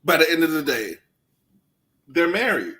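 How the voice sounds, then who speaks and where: A man co-hosting a casual chat show, reasoning through his points in a relaxed, conversational way. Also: on the high side, normal speed. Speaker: co-host.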